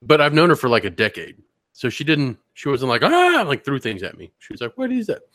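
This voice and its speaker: A man co-hosting a podcast, chatting casually and telling anecdotes with animated voice impressions. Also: mid-range voice, a little fast, no echo, studio quality. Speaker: podcast co-host. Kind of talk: casual chat.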